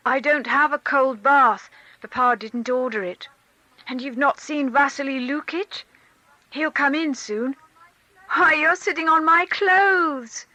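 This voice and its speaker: A woman's voice: takes it slowly, pushed and bright, dry recording, exaggerated voice, low-quality recording. Seryozha, a woman doing an eager little boy. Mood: excited. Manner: high, eager, breathless child's voice. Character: young boy, sleepy, affectionate, excitable.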